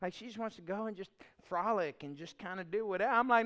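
Man preaching, high bright voice, echoing hall. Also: quick pace. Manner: animated storytelling, acting out both sides of arguments. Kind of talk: sermon on marriage.

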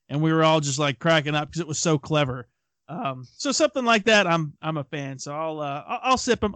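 Chatty man with a higher voice. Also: fairly bright tone, no echo. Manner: rambling anecdotes with frequent restarts and fillers. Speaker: podcast co-host. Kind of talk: casual chat, storytelling.

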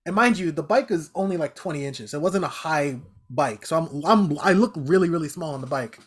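Animated, profane New man telling stories. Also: on the high side, a little fast, slightly rough. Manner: animated, profane storytelling with laughs. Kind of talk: casual storytelling chat.

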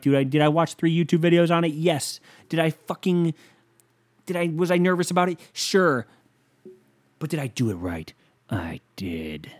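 A young man hosting a podcast alone, rambling through a profane, casual story and now and then breaking into loud whoops. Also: a little high. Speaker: podcast host. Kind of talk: casual solo podcast rant.

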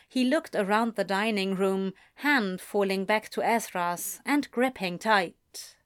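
A woman narrating a story in a steady, measured way. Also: mid-range voice, no room sound, studio quality. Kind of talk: storybook reading.

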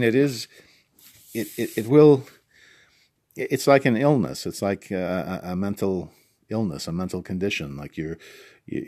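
A man with a fairly low voice leads an informal Bible study, talking through a parable in an easygoing, rambling way. He stops himself often to rephrase and adds side remarks. His voice sounds dry and close, with no room echo. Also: a little mellow. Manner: conversational, many restarts and asides. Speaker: preacher.

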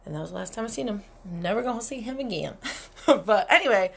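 A woman's voice: mid-range voice, lively intonation, brisk, vocal fry, a bit bright, husky. A young adult woman hosting a casual solo podcast, telling stories candidly with lots of swearing and frequent laughter. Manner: candid, profane, laughs often. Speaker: podcast host. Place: cabin.

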